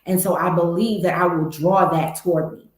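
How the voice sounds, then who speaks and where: A woman gives a motivational talk, candid and emphatic, speaking straight to her viewers. Her voice sits a little low. The sound is echoey, as if in a bare room. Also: steady tone, moderate pace. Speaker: host.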